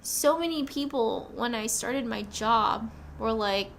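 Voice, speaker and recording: A young woman telling her personal story in a casual vlog, rambling and excitable, with many "like"s. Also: a little high, unhurried, vocal fry, few pauses, slight background noise. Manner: rambling, excitable, says "like" often. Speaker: new nurse vlogger.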